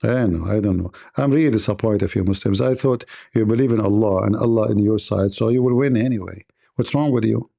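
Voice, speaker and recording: A man's voice: fairly low pitch, fairly quick, creaky, dark tone. A man hosting a live debate stream, talking in a sarcastic, taunting way. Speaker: debate livestream host. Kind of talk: mocking live-stream monologue.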